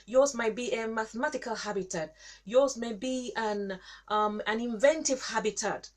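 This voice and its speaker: Halting, repetitive woman giving a devotional talk. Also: a little high. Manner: repetitive, halting, with many fillers. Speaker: show host and Christian teacher.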